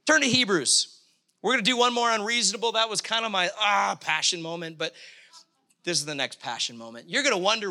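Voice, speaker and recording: A middle-aged male pastor from Canada preaching a sermon, impassioned, with emphatic bursts and halting restarts. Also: high voice, lively intonation, sharp tone.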